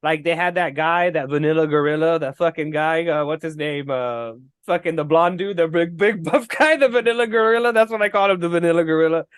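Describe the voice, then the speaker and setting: A man with a high, light voice co-hosts a loose podcast conversation. He rants with animated, cursing energy and laughs often. The sound is close and dry, with no room around it. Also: a little fast, few pauses, clear, resonant tone, no echo. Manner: animated, profane ranting with frequent laughs. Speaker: podcast co-host. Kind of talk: casual movie-talk chat.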